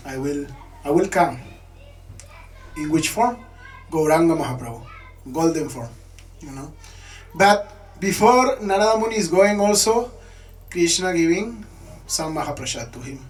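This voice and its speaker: Brief: male devotional storyteller, lively retelling, slightly high voice, mic placed far off. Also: normal speed, pauses often. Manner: animated retelling, frequent "you know".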